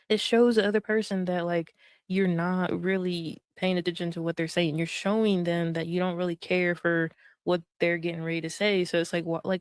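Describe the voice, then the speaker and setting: A woman's voice: lowish voice, no room sound, studio quality. A woman streamer giving casual commentary on a clip, chatty and laughing often, with many fillers. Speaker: streamer reacting to clips.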